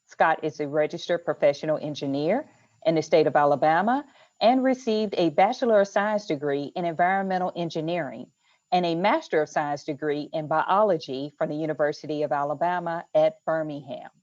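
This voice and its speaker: A woman introducing a guest speaker on a webinar in a measured, formal manner. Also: low-pitched, darkish tone. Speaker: environmental health specialist introducing the speaker. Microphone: video call. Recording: muffled video-call audio.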